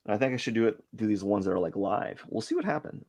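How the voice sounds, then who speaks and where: A man's voice: lowish voice, expressive, quick pace, hardly any pauses, darkish tone. A man hosting a drawing live stream who thinks aloud as he sketches. He rambles, questions himself and plays down his own work. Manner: rambling, hesitant, self-questioning; self-deprecating about his work. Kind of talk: casual thinking-aloud commentary while sketching.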